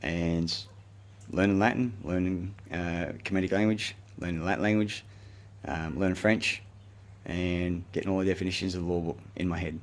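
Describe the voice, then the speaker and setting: At a moderate pace, an Australian man with a low, fairly even voice rants into his own camera. The monologue is agitated, profane, and rambling.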